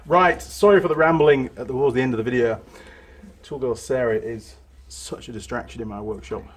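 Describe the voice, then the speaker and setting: A man hosts a motorcycle repair vlog from his own workshop. He talks casually and rambles, trading easy banter and laughing at his own slowness. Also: mid-range voice. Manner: rambling, chatty, self-deprecating. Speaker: motorcycle mechanic and host.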